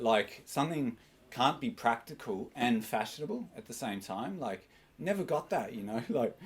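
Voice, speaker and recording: Man, stand-up comic, lively swooping pitch, awkward self-mocking delivery, giggles at his own punchlines. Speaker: stand-up comedian. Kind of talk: stand-up comedy set. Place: small comedy club.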